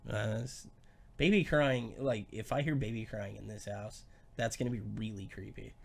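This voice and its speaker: A man hosting a podcast in casual chat, cracking dark deadpan jokes. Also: fairly low pitch, moderate pace, creaky. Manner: joking, dark deadpan humor. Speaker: podcast host.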